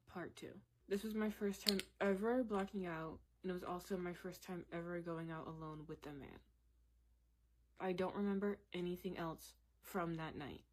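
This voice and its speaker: A woman in her twenties recounts a personal story in a candid story time vlog. Her voice sits a little low, and her delivery is loose and conversational. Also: darkish tone, a little hiss or hum. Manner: candid, conversational, laughs while telling.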